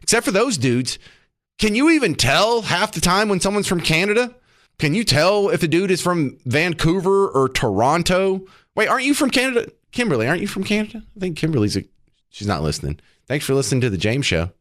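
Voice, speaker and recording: A man's voice: on the high side, very animated, moderate pace, fairly bright tone. A middle-aged man hosting talk radio from a studio, ranting sarcastically in a monologue full of rhetorical questions. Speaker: radio talk show host.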